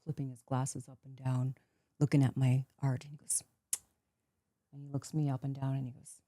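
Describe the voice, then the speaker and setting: A woman in her fifties talks through her stories as an interview guest, acting out what others said and breaking into laughs along the way. Her voice sits very low for a woman, with a soft, mellow tone. The sound is dry and close. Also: moderate pace, pauses often, no echo. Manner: lively storyteller, acts out quotes, laughs often. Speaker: guest, actress turned painter. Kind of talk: casual interview chat.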